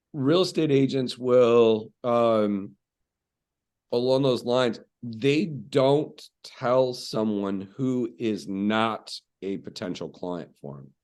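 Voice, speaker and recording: A man speaking as a real estate coach on a podcast, telling stories in a conversational, animated way with frequent fillers. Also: mid-range voice, smooth.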